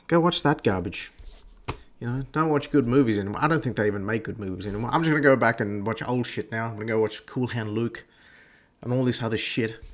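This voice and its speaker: A foul-mouthed man in a mid-pitched voice, scornful and blunt as he rants. He swears through nearly every line and never softens his scorn. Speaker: podcast host. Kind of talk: profane ranting commentary.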